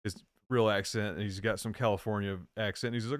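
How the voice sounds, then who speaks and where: A man's voice: lowish voice, fairly even intonation, a little fast, no room sound, studio quality. A man chatting casually on a live stream, rambling and searching for words as he recalls things.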